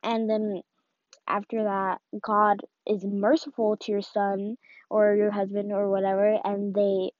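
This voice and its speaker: A woman talks through a casual devotional message, rambling and filling her sentences with "like" and "um." Her voice sits at a middling pitch. The recording is dull and lo-fi, with a dry sound and no room echo. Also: monotone, a little slow. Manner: rambling, full of "like" and "um". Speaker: faith talk host.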